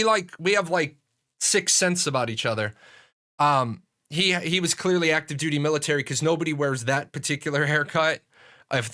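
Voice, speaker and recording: A middle-aged man telling a story on a livestream in a casual, profane and animated way, with frequent restarts. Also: a little high. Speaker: streamer.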